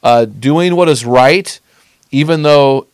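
A man's voice: medium pitch, slow pace, smooth, dry recording. Earnest man teaching scripture, dry sound. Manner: earnest, emphatic, stretches key phrases.

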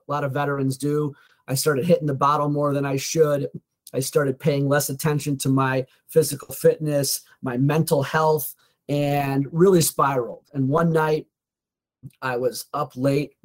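A man with a voice a little higher than most men's tells a personal story as a podcast guest. He speaks earnestly and frankly, dropping the odd swear word like a motivational speaker recalling a turning point.

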